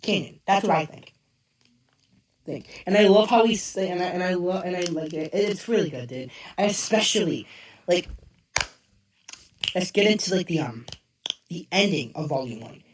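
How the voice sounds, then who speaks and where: A hoarse-voiced man rambling excitedly through a casual review. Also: high-pitched, normal speed, pauses often, a little hiss or hum. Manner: rambling and excitable, loses track of names. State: hoarse, strained voice. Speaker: show reviewer. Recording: roomy, distant mic.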